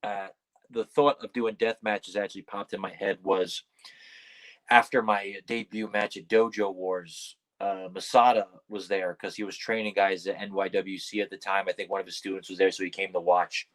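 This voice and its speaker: A man with a lowish voice rambles through stories as a guest on a casual podcast. He leans on fillers and swears now and then. When he quotes his own startled replies, his voice shoots up. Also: level tone, normal speed, a bit bright, rough recording. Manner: acts out quoted lines in a high, startled voice. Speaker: wrestler guest.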